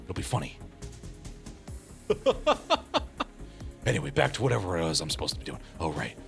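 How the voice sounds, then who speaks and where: A man's voice: low voice, big pitch swings, moderate pace, vocal fry, faint music behind. A man streaming a game, joking and rambling in a theatrical way as he reads along. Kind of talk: casual game stream commentary.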